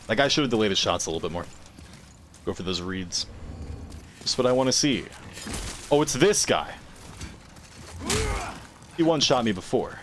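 A man streaming a game live, reacting loudly, swearing and shouting at opponents. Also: medium pitch, a little hiss or hum. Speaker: gaming streamer. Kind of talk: live gameplay commentary.

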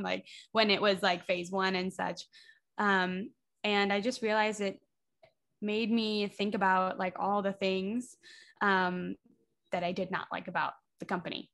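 A woman's voice: medium pitch, fairly even intonation, moderate pace, fairly bright tone. A woman in her twenties, a theater artist talking as a podcast guest in a chatty way, leaning on lots of "like" fillers. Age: 20s. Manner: chatty, leans heavily on "like" fillers. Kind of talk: casual podcast conversation.

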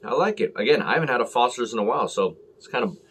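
A man's voice: mid-range voice, animated, very fast, fairly bright tone, slightly rough. A man talking casually and rambling as he reviews a beer on camera, full of fillers and self-deprecating asides.

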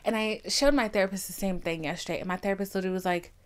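A woman's voice: mid-range voice, very fast, clean tone. Young woman rambling candidly on her podcast, swears a lot, does little voices for people. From Haitian family. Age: 20s. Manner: chatty, profane, animated quoting. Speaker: podcast host. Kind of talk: casual confessional monologue.

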